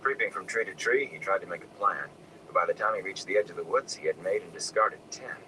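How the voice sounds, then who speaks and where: A man reading a novel aloud in a soft, hushed narration, sometimes dropping to a whisper. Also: deep voice, fast. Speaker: audiobook reader. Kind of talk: scripted narration. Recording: distant mic with air conditioning noise.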